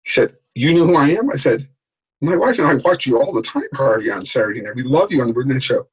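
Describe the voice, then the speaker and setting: Guy with a husky voice telling stories about old hollywood, acts out the voices. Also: medium pitch, quick pace, poor audio. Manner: animated anecdote telling, acts out quoted voices. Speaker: guest, author. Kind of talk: storytelling in a podcast interview.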